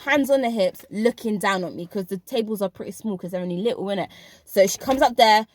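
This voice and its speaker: A woman's voice: medium pitch, fairly quick, no room sound. A woman, telling a personal story in a casual vlog. She talks emphatically and speaks straight to her viewers. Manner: emphatic, addresses viewers directly. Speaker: vlogger recounting a school job.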